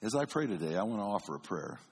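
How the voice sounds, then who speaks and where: A man preaching from the pulpit with a husky, slightly rough voice. He tells stories with animation, dropping low and soft, then climbing to booming calls. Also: fast. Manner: animated, swings between booming and hushed. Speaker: pastor. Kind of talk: sermon storytelling.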